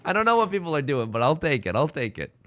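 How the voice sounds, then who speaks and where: A man streaming live and chatting casually with his viewers while he plays. He sounds slightly hoarse and is excitable and self-mocking. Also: fairly high pitch, fast talker. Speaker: livestreamer.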